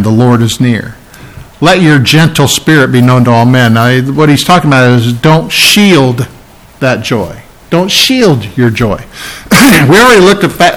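A man's voice: a bit bright, rough recording. Male pastor, sermon delivery, slightly raised voice, earnest and teacherly, pushes up on emphasis. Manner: earnest, pleading and teacherly, rising in pitch to stress points.

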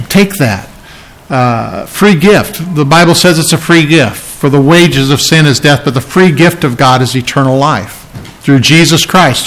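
A male pastor delivering a sermon with a slightly high voice. He talks earnestly and plainly like a teacher, pleading with his listeners and rising in pitch when he stresses a point. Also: a bit bright, poor audio.

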